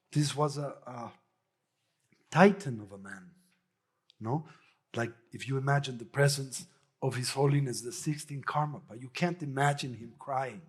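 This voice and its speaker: A husky-voiced man gives a Buddhist dharma talk. He tells stories from his own life and tags many phrases with a questioning "no?". His voice sits at an ordinary middle pitch. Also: a little mellow. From Mexico. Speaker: Buddhist teacher.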